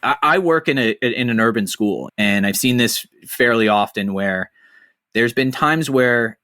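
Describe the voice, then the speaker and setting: A man hosting a podcast, telling stories in a casual, animated, profane way. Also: mid-range voice, a little slow, no echo, studio quality. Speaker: podcast host. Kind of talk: casual chat.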